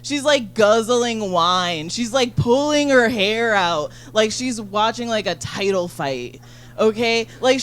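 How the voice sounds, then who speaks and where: A woman doing a stand-up comedy set on a handheld mic, talking rapidly and profanely with lots of "like". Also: medium pitch. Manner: rapid, chatty, full of "like" and profanity. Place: comedy venue.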